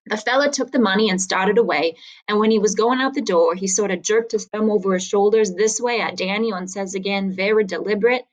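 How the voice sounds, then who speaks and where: A woman talks through a story casually and then reads it aloud. Her delivery is conversational and unhurried, and her pitch sits in the middle range. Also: a bit bright, low-quality recording. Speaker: reader.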